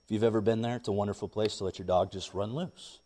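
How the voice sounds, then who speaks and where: A young man, a pastor, preaching a sermon and telling a lively personal story. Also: on the low side, fast talker. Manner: animated storytelling, rising when excited.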